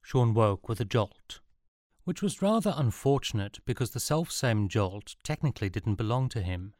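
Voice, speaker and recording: Low-voiced guy reading a funny audiobook, dry wry delivery, super dry close mic. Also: dry recording. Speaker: narrator. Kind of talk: audiobook narration.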